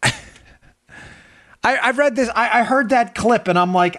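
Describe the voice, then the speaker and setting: A man's voice: very high voice, unhurried, a bit bright, dry recording, clean studio sound. A middle-aged man hosting a political commentary podcast, talking in an emphatic, incredulous way and repeating his points for effect. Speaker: podcast host.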